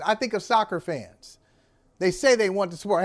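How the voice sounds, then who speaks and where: A man hosting a sports talk show, teasing his co-host in an animated debate. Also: high-pitched, moderate pace.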